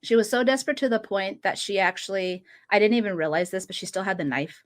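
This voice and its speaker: Late-30s woman hosting a podcast, earnest chatty tone, mid-pitched voice, laughs a lot. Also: quick pace. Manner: earnest, laughs often while telling a story. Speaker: podcast host. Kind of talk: casual podcast conversation.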